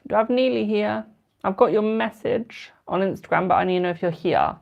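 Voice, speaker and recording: A twenty-year-old British man with a high, brisk voice and some vocal fry reads tarot on a live stream, though the recording sounds muffled. He chats casually and affectionately calls viewers darling and boo.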